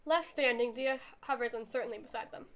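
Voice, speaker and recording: A young adult woman streamer reading a visual novel aloud in a lively, animated way. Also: on the high side, a little fast.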